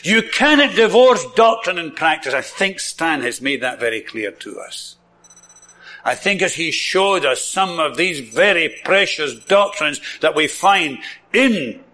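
A man's voice: fairly high pitch, bright, forceful tone. A man with a Scottish accent preaching a sermon, enthusiastic, repeating words for emphasis and chuckling often.

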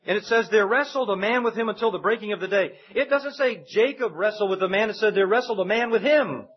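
A man's voice: sits high, quick pace, breathy edge. A man preaching a sermon in a conversational way, acting out the voices in the stories he retells. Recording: dull lo-fi sound.

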